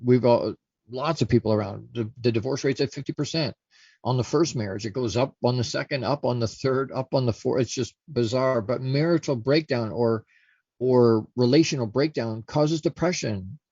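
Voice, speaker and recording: A man's voice: mid-range voice, normal speed, a little mellow, husky, dry recording, dull audio. Earnest man hosting a talk show. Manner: earnest, repeats himself, restarts sentences. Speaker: host. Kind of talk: casual solo talk show monologue.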